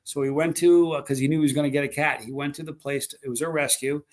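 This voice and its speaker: A man's voice: fairly high pitch, fairly even intonation, fast talker. A man hosting a live stream, rambling through stories and chatting with viewers. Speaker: livestream host. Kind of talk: casual live stream chat.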